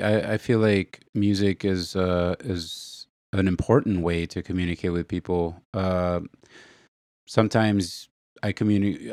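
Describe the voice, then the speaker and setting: Laid-back young man with a low voice. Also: no room sound, clean studio sound. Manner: relaxed, hesitant, filler-heavy talk. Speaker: podcast co-host. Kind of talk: casual chat.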